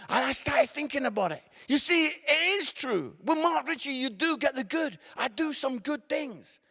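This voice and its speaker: A middle-aged man telling comic stories in a sermon, animated and bursting into shouts, often tagging lines with "yeah?". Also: extremely high pitch, moderate pace, creaky, hardly any pauses. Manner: animated, shouting for effect, lots of tag questions. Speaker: comedian evangelist.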